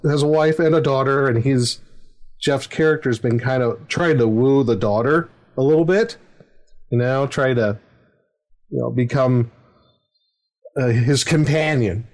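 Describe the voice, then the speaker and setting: A man's voice: medium pitch, a little slow, long pauses, darkish tone. A middle-aged man, a dungeon master, telling a story in casual chat, rambling with fillers and chuckles. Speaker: dungeon master, podcast host.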